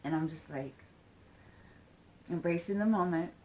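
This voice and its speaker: Poor audio with a little hiss or hum captures a woman whose lowish voice sounds mellow. She recounts something personal haltingly and casually, full of filler words and curses, voicing quotes and occasionally sinking into a whisper.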